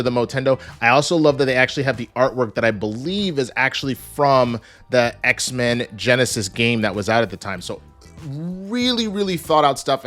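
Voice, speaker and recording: A man in his thirties giving an energetic, joking casual spoiler review, swearing and acting out characters. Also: medium pitch. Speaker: show reviewer.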